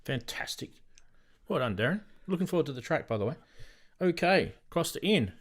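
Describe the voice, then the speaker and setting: A man's voice: on the high side, big pitch swings, a little fast. Chatty male podcast host. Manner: upbeat, chatty, hands turns to guests. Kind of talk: casual chat.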